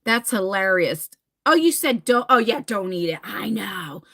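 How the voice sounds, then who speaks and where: A woman's voice: mid-range voice, lively intonation, measured pace, sharp tone. A woman in her forties chatting on a live stream, reading comments and telling stories dramatically, swearing casually. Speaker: livestream host.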